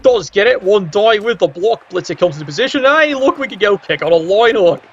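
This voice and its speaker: A man commentating a video game match, tossing in sardonic quips and letting his voice leap upward for effect. His speaking voice sits high for a man. The recording sounds a little dull and muffled, with a faint hiss running underneath. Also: lively intonation, fairly quick, a bit bright. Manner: cheeky, sardonic asides with sudden pitch jumps.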